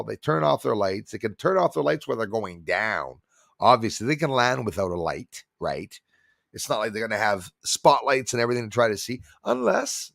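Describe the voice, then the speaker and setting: Man, middle-aged, gravelly voice, dry close sound, rambling livestream chat, reads viewer comments aloud. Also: fairly low pitch, dry recording. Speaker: livestream host.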